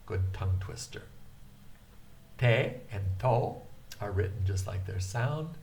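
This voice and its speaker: A man teaching a beginner Japanese lesson, hesitant with many filler sounds, repeating words slowly for students to practice. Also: lowish voice, expressive, gravelly, a little mellow, a little hiss or hum.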